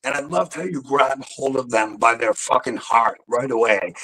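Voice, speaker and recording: A raspy-voiced man with a mid-range pitch talks through a video call, coaching comedians. He is animated and emphatic, cursing freely as he makes his points. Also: normal speed, low-quality recording. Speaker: comedy coach giving critiques. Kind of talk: casual chat.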